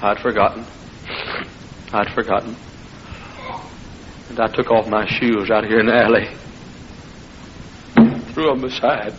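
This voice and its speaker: A middle-aged man preaching an impassioned revival sermon that builds into shouting. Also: lowish voice, fairly even intonation, unhurried, pauses often, background noise. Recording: muffled old sermon recording.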